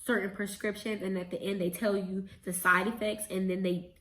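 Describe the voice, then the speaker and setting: A young adult woman casually retelling a story as a vlogger, chatty and animated, with quick self-corrections. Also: medium pitch, slight background noise. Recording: roomy echo.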